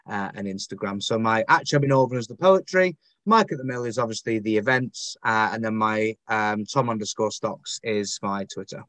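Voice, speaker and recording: A man's voice: medium pitch, a bit bright, dry recording. Rambling Northern English man, dry sound. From Northern England. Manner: rambling, self-deprecating, many fillers. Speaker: guest, actor and poet. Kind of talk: casual podcast interview.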